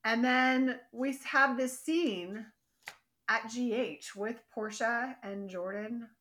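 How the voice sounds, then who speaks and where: Podcast co-host, woman, lively and worked up, acts out scenes while she recaps. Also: on the high side, takes it slowly, a little hiss or hum. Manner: animated, exasperated, acts out characters' lines. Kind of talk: casual chat recap.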